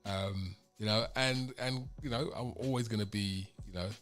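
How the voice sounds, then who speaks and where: A man's voice: fairly low pitch, normal speed, a bit bright, soft background music. A man hosting a casual radio chat, rambling with lots of fillers. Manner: rambling, full of "you know" fillers. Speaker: radio network founder and host.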